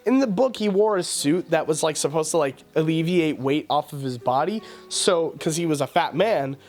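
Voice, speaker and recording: A man's voice: fairly high pitch, lively intonation, normal speed, darkish tone, soft background music. A man hosting a podcast in a casual film review rant, profane, exasperated and mocking. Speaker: podcast host.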